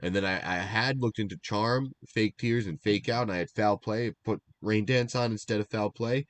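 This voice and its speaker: A young man co-hosting a casual stream recap, rambling and animated, laughing at himself as he goes. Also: lowish voice, moderate pace, no room sound. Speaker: draft league recap co-host.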